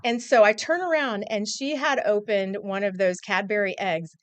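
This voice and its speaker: A woman in her forties, a news anchor, chats casually on air in a TV news studio, telling an animated story and acting out the quotes. Her voice is mid-range at a moderate pace, and the recording is dry.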